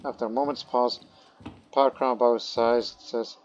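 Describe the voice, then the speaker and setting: A man's voice: medium pitch, flat delivery, moderate pace, darkish tone, muffled recording. A man giving casual gameplay commentary, thinking aloud, muttering to himself and reading game text aloud. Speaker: let's play commentator.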